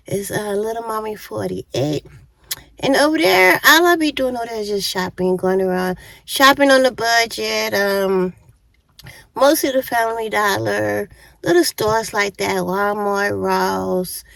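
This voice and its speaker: A woman's voice: mid-range voice, gravelly, a bit bright, no echo, low-quality recording. A woman in her fifties casually telling a storytime on her vlog, chatty and often laughing while eating. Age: 50s. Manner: eating while talking to viewers. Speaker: YouTuber.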